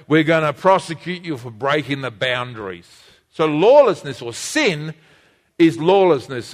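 Male pastor, high-pitched, lively sermon delivery, reverberant church hall. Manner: animated preaching, asks the congregation to repeat words.

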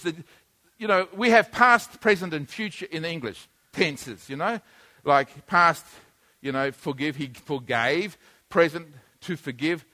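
A man's voice: fairly high pitch, sharp tone. A man preaching a sermon, teaching plainly and then building to emphatic, repeated points.

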